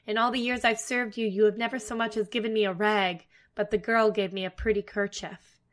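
A woman's voice: medium pitch, level tone, fairly quick, close to an everyday voice. A woman voicing a timid, trembling servant girl in a storybook reading.

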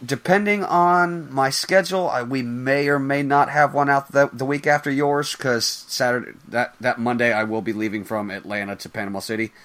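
Podcast host guy, middle pitched voice, excitable, cusses a lot. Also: moderate pace, few pauses. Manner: excitable, swears freely. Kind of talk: casual movie review chat.

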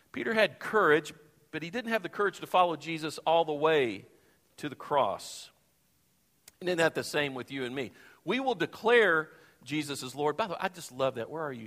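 A man preaching a sermon from the pulpit, expressive, acting out the Bible quotes he tells. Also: medium pitch. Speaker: pastor. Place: church sanctuary. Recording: long reverb of a church hall.

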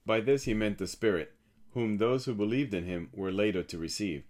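A man reading a passage of scripture aloud in a measured, steady way. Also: fairly low pitch. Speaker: scripture reader.

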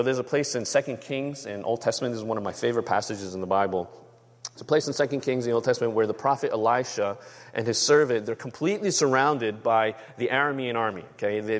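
A man's voice: mid-range voice, in a large hall. A man preaching a sermon as a pastor, talking conversationally and often checking with the room. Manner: conversational, asks the room for agreement.

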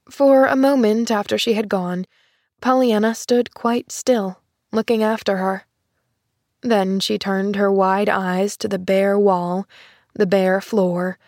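A woman narrating a classic children's story in a measured, gentle storytelling voice. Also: medium pitch, no room sound, studio quality. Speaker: audiobook narrator.

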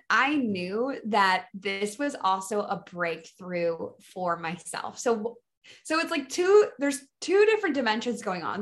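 A woman's voice: a little high, fairly bright tone. A woman business coach giving a motivational solo talk in an enthusiastic, emphatic way, often restarting phrases.

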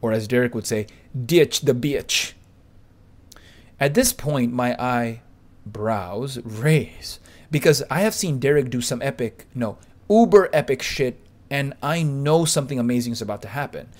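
A man's voice: medium pitch, animated, moderate pace, darkish tone. Hyped man telling a crude story. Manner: boastful, hyped, crude slang. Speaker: podcast narrator. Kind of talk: reading a first-person anecdote aloud.

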